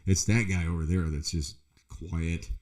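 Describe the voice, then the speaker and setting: A middle-aged man with a very low voice rambles through stories in casual chat. He swears constantly and loosely, the easy talk of a podcast host. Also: fairly even intonation, unhurried, a little mellow. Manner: profane, rambling storyteller.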